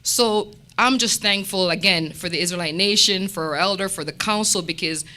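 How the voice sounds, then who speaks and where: A woman sharing a testimony at a church meeting, telling stories with lively quoted dialogue. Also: mid-range voice, moderate pace. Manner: animated storytelling with quoted dialogue.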